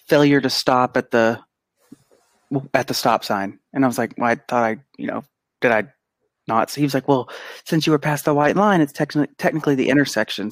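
A man co-hosting a podcast, telling an animated, casual story and acting out the quotes. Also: mid-range voice, no echo. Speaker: podcast co-host; pediatric physical therapist. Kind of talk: casual chat.

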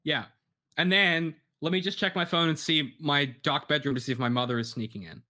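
Give me a bright-voiced man hosting an advice podcast, laughing easily as he reads questions. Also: on the high side, brisk. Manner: giggly, reading out listener questions. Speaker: podcast host. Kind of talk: casual podcast banter.

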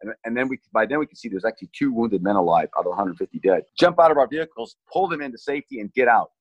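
Middle-aged guy telling his story, earnest, kinda halting, dry close sound. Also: mid-range voice, lively intonation, slightly rough, no room sound, highs cut off. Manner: earnest, restarts and repeats words while recalling. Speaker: relief team leader recounting a rescue. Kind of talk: personal storytelling in conversation.

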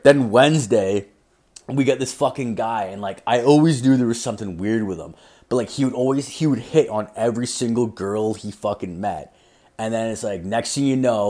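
A man's voice: lowish voice, a little mellow. A young man telling a rambling, profane story in casual chat, filling his talk with "like". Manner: rambling, profane, heavy "like" filler.

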